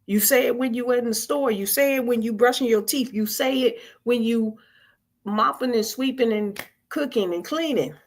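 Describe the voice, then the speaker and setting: A woman with a gravelly, fry-edged voice, pitched on the high side, leads a weekly spiritual vigil on a live stream at a moderate pace. Her informal teaching is conversational and coaxing; she circles back to the same phrases and calls on listeners to join in, staying colloquial and earnest throughout.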